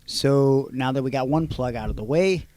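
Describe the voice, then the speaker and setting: A man's voice: mid-range voice, normal speed, darkish tone, dry recording. A man co-hosting a podcast, chatting casually and reading an ad in a joking, playful way. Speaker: podcast co-host. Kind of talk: casual podcast chat and ad read.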